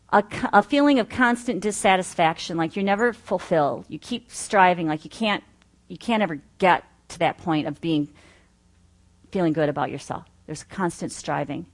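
Middle-aged female teacher, low-ish voice, earnest and conversational, works through a list. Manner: earnest, listing points with personal asides. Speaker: Bible study teacher. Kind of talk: teaching talk.

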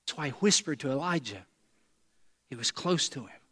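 In a church sanctuary, a pastor with a husky, slightly bright, medium-pitched voice preaches at normal speed with lively intonation, and a long reverb trails his words. His earnest, emphatic sermon repeats key lines and leads the congregation in call and response.

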